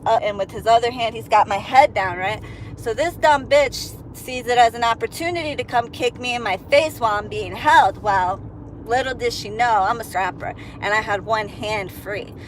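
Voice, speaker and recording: A woman vlogger telling a profane, animated story from inside her car while driving. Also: fairly high pitch, slight background noise, low-quality recording. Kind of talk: storytime vlog.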